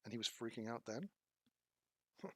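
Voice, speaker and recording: A man's voice: medium pitch, lively intonation, normal speed, bright, forceful tone, breathy edge, dry recording. A man giving casual commentary as he reacts to a documentary clip, questioning and incredulous.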